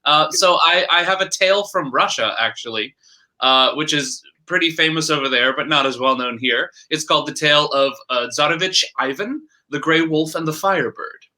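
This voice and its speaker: A man tells a fairy tale in a brisk, chatty manner, laughing easily. His voice sits a little high and rings very bright and forceful. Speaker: storyteller. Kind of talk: casual fairy-tale retelling.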